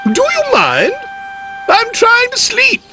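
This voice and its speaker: A man putting on a snooty old lady steam truck, squeaky high. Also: huge pitch swings, slow pace, over music, exaggerated voice. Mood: grumpy. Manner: haughty, rude, scolding.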